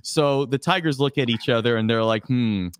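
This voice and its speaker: A man guest on an interview podcast, telling anecdotes with animated, lively delivery and acting out voices. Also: mid-range voice, smooth, dry recording. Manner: lively, acts out voices in anecdotes, fast asides. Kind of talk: animated storytelling in casual chat.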